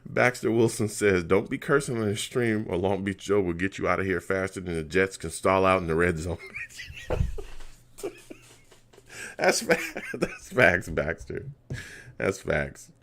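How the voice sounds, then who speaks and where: Hosting a live fan reaction stream for a football game, a man reads chat comments aloud and rants heatedly about the play calls. He's animated, with a low voice at a measured pace and frequent pauses.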